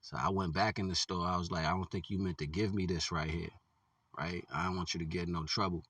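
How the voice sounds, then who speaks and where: Man, deep voice, punchy bright tone, casual vlog storytelling, dry sound, slightly off-mic. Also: fairly even intonation, fast, slightly rough, no room sound, recorded from a distance. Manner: laid-back, laughs often, many "you know what I'm saying" fillers. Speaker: vlogger.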